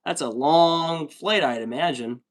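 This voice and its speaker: A man's voice: a little high, unhurried. Chatty man streaming, reading chat aloud. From United States. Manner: chatty, laid-back, joking, reads comments aloud. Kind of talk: casual livestream chat.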